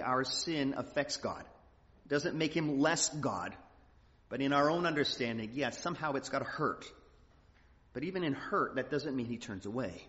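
Heard on a muffled hall recording, a pastor whose voice is a little high and a bit bright gives a folksy, earnest, conversational sermon, now and then performing quotes.

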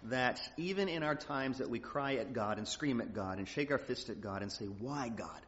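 A man's voice: mid-range voice, animated, normal speed, a bit bright. A man preaching a conversational sermon, folksy and earnest, now and then acting out quotes. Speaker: pastor. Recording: muffled hall recording.

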